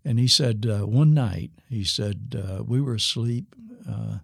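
An older man telling a story in an unhurried way, with a gravelly, husky low voice and a dry sound close to the mic. He acts out the quoted lines of the people he describes. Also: dry recording. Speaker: guest, former missionary pastor. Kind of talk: storytelling in a podcast interview.

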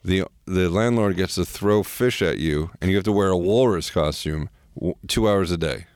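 A man's voice: sits low, moderate pace, darkish tone, smooth, dry recording, studio quality. A man hosting a podcast, chatting casually and playfully, laughing often as he jokes around. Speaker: podcast host. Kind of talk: casual chat.

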